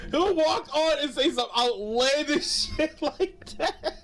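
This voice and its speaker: A man's voice: very high voice, animated, slow pace, fairly bright tone, slight background noise. A man co-hosting a wrestling podcast in casual chat, laughing often and padding with fillers. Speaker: podcast co-host.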